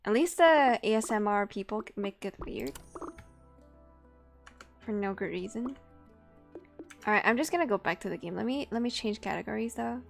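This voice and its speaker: A woman's voice: medium pitch, animated, normal speed, creaky, long pauses, faint music behind. A woman streamer chatting casually and playfully with her viewers, giggling often. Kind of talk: casual live-stream chat.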